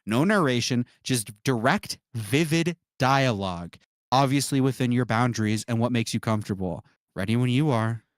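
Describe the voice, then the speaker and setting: A man's voice: mid-range voice, normal speed, dry recording, studio quality. A male streamer on a live stream, talking in a pushy, demanding, mocking way.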